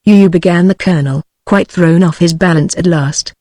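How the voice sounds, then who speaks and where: A synthetic text-to-speech voice reading a classic novel aloud as an audiobook, in an even, mechanical delivery. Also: mid-range voice, normal speed, dry recording. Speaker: audiobook narrator.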